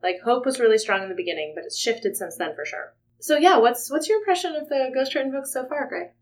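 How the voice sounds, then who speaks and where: Giggly podcast host lady, kinda high voice, reads out comments. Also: lively intonation, fast talker, a little hiss or hum. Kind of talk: casual chat.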